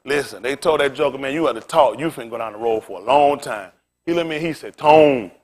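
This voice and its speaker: A middle-aged man, a pastor, preaching through a street story with animated, laughing bursts and loud exclaims. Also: mid-range voice, quick pace.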